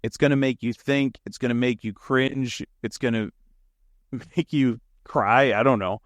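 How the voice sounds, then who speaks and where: A man co-hosting a casual podcast, speaking at an ordinary middle pitch. He talks with eager enthusiasm, rambles and laughs along the way. The sound is close and dry, with no room echo. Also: steady tone, unhurried. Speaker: podcast co-host. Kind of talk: casual chat.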